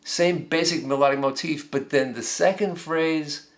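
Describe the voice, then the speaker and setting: A man's voice: fairly high pitch, steady tone, a little slow. A middle-aged man teaching a songwriting workshop, talking in a conversational way and explaining with examples at the piano. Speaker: songwriting instructor. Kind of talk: lecture with piano demonstrations.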